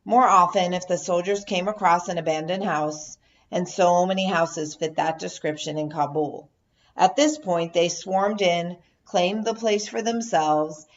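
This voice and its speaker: A woman reading a first-person memoir as an audiobook narrator, measured and steady, now and then raising her voice for quoted shouts. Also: lowish voice. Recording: dull lo-fi audio.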